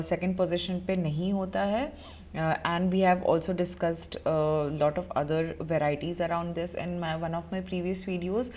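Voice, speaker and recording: Speaking in a lowish, somewhat dark voice, this German teacher with an Indian English accent explains grammar during an online class. Her explanations blend Hindi with English and are peppered with fillers.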